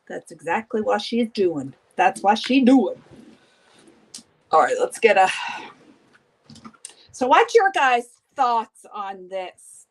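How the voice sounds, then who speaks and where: A woman hosting a beauty livestream, chatting casually with viewers while doing her makeup, gossipy and often laughing. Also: a little high.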